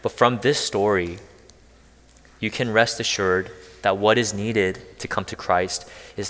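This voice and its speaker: A man with a fairly low voice preaches earnestly, pressing his listeners with rhetorical questions. His voice carries a long reverb, as in a church hall. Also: steady tone, a little slow, a bit bright. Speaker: pastor. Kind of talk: sermon.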